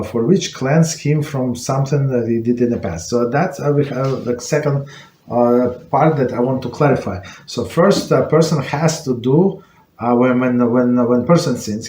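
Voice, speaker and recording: Guy teaching a relaxed class, lots of uhs and restarts, echoey room, bit of hiss. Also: mid-range voice. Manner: halting, many fillers and restarts. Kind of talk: informal Torah lesson. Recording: echoey room with faint noise.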